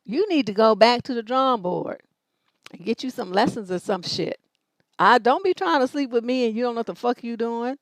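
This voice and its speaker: A brash, foul-mouthed woman in middle age gives relationship advice on a live stream. Her voice sits a bit high, and the sound is close and dry with no room echo. She tells stories in a blunt, no-nonsense way. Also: fairly quick. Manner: blunt, profane, brash storytelling. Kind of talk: livestream advice chat.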